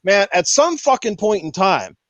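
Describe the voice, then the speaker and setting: High-voiced guy ranting on a podcast, swears a lot, dull dry lo-fi audio. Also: sing-song, normal speed, no echo. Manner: profane, fired-up ranting. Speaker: podcast host. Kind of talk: casual podcast rant.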